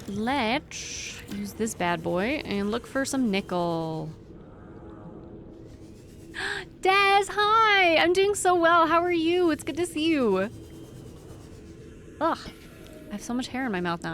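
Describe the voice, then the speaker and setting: Young woman, game streamer, chatty, giggly, fairly high voice, desk mic at home. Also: a bit bright. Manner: chatty and giggly, talks to her dog and chat. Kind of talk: casual live-stream chat. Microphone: desk microphone on a squeaky stand.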